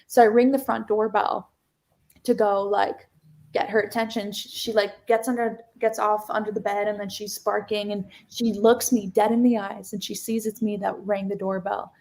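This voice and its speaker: A young woman guest on a video call, telling a story in a lively, giggly way full of fillers. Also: medium pitch, normal speed, gravelly. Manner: animated, giggly, lots of "like". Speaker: interview guest, singer. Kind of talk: casual interview storytelling.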